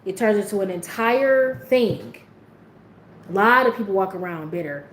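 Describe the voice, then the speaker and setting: A woman's voice: medium pitch, lively intonation, normal speed. Frank woman talking in an echoey room. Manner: frank and profane, speaks straight to her viewers. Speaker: livestream host. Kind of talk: candid motivational livestream talk.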